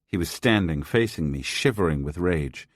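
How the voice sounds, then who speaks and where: A man narrating a first-person story as an audiobook, in a measured, sober way. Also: sits low, expressive, no room sound, clean studio sound.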